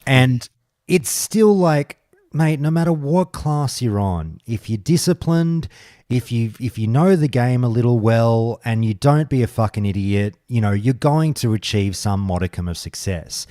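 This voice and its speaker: Heated, swearing podcast host. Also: male voice, mid-range voice, expressive, unhurried, warm tone, no room sound, clean studio sound. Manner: ranting, swears a lot, gets heated. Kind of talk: casual podcast chat.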